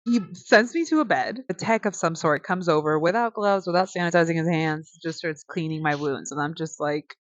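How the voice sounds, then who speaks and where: Woman vlogger from the us doing storytime, kinda low voice, slangy, curses a bit, dull lo-fi audio. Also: normal speed, hardly any pauses, dry recording. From United States. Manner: slangy, swears casually, animated retelling. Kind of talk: casual storytime.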